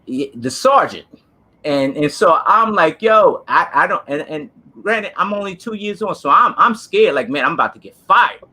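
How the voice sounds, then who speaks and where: Bright-voiced New man, earnest storyteller. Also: fairly high pitch, animated, normal speed. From New Jersey. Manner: earnest, emphatic, street-casual storytelling. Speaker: co-host, former police officer. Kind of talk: casual storytelling chat.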